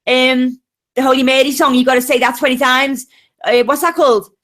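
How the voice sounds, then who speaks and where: A woman's voice: sits high, steady tone, fairly quick, a bit bright. A woman with a Liverpool accent, chatting bluntly and swearing freely as a panelist on a group video call. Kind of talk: casual chat.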